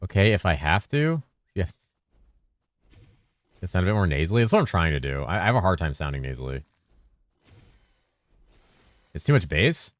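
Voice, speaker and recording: A man streaming games, chatting loosely with his viewers in a deep, bassy voice. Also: sing-song, a little fast, pauses often, no room sound. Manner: rambling and loose, with bursts of laughter. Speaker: game streamer. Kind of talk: casual livestream chat answering viewers. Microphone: streaming mic through a mixer.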